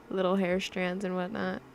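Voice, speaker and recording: A woman's voice: medium pitch, slight background noise. A young woman livestreaming her digital drawing, chatting casually and rambling with lots of fillers and laughs, her accent drifting in a mix of mimicked accents.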